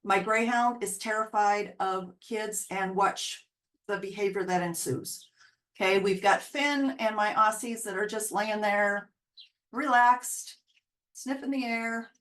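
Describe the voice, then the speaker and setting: A woman dog trainer talks through a series of clips in a relaxed, explanatory way. Her voice sits in the middle range, and she now and then slips into little quoted voices for the dogs. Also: mid-range voice, slow pace. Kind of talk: casual narrated video breakdown.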